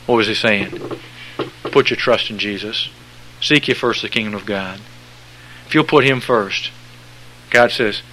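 A man preaching a sermon with repetitive, emphatic phrasing and folksy sayings, swinging from hushed lines to loud, high outbursts. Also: a little slow, long pauses, poor audio.

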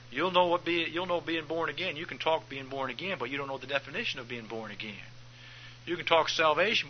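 A man's voice: fairly high pitch, dull audio, slight background noise. A male pastor preaching a sermon, driving points home by repeating phrases.

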